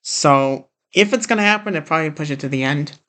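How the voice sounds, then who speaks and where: A man's voice: a little high, fairly quick, bright, forceful tone, clean tone. A man casually commenting on a live showcase as he streams, rambling and hesitant. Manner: rambling, hesitant, talks over the broadcast.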